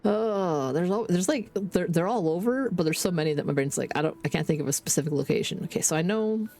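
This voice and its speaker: A woman's voice: on the low side, lively intonation, brisk, warm tone. A Canadian woman streaming a game, chatting candidly and swearing freely, with rambling restarts. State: under the weather. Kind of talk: casual gaming stream chat.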